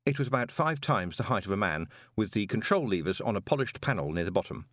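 A man narrating an audiobook in an expressive storytelling manner. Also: on the low side, fast, dry recording.

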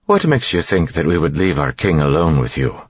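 A man voicing a measured, cautious male advisor. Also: a bass voice, big pitch swings, slightly rough, dry recording, lo-fi sound, full character voice.

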